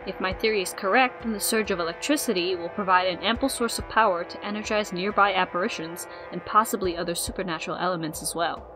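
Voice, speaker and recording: A woman's voice: mid-range voice, quick pace, few pauses, natural voice. A woman voicing a formal, wordy young boy inventor, with game music behind. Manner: wordy and precise.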